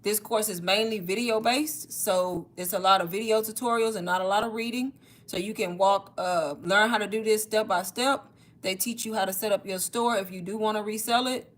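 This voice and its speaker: A woman talking casually on a livestream, pitching online courses, slightly out of breath and calling her viewers "y'all". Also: fairly even intonation, moderate pace. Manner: chatty, addresses viewers as y'all. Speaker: online marketing creator. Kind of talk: casual livestream sales talk.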